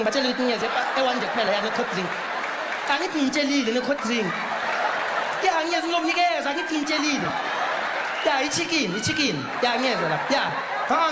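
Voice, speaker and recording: A man plays a rambling female airport announcer with a very high voice. Her announcements come out garbled and muddled. Loud audience laughter and noise fill the background.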